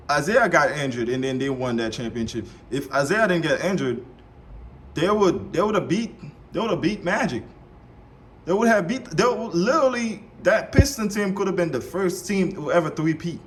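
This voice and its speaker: A man reacting live to a debate show clip, heated and animated, repeating himself and swearing. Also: fairly high pitch, slight background noise. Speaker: reaction streamer.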